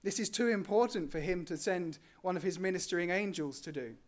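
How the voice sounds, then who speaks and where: A man preaching a sermon in an earnest way. He lifts his voice on key words and lets his lines fall soft and low at the ends. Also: brisk. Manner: earnest, rising on key phrases and dropping softly at line ends.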